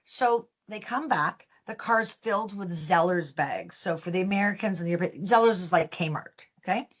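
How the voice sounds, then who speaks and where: A woman's voice: fairly low pitch, moderate pace. A woman, a business founder telling stories as a guest in an interview, acting out the dialogue as she goes. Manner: lively storyteller, acts out quoted dialogue. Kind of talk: storytelling in an interview.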